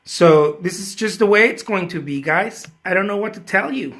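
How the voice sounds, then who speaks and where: A man with a high, bright voice chats casually while he paints live for his viewers. He is playful and mocks himself with grand boasts. The sound is echoey, as if from a bare studio room. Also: expressive, moderate pace. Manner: playful, self-mocking boasts; chatty, thanks viewers by name.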